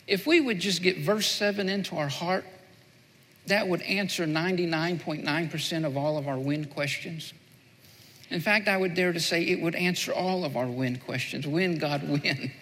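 A man's voice: high voice, a bit bright, big-room sound. A male pastor preaching a sermon, repeating key phrases and building to fervent emphasis.

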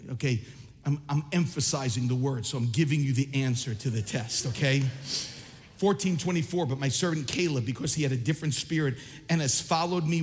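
A man preaching a sermon as pastor, impassioned and rising to shouts at times, then reading scripture more quietly. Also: medium pitch, fairly quick, long reverb tail.

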